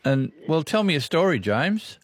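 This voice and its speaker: A man's voice: fairly high pitch, big pitch swings, moderate pace, husky, dry recording. A man with an Australian accent hosting a radio call-in show, chatting in a folksy, friendly way. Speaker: radio host.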